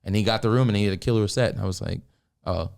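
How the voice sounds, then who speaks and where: A young man, a comedian guest on a podcast, chatting casually and acting out voices in animated stories. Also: lowish voice, racing, vocal fry, smooth. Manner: animated storyteller who acts out voices.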